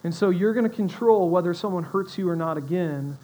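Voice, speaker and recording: A young adult man preaching a sermon in a conversational style, with animated asides to his audience. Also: high-pitched, brisk, poor audio. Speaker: pastor.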